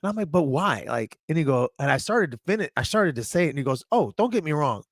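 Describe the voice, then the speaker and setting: A man co-hosting a martial arts podcast, telling animated stories in casual chat. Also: fairly high pitch, quick pace, no echo, clean studio sound. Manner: animated storytelling, acts out quotes. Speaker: co-host.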